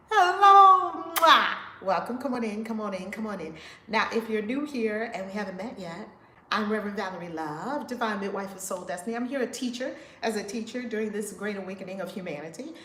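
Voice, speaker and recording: A woman hosting a casual livestream, greeting viewers by name in an effusive way, with big swoops in pitch and loudness. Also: echoey room, a little hiss or hum. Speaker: livestream host.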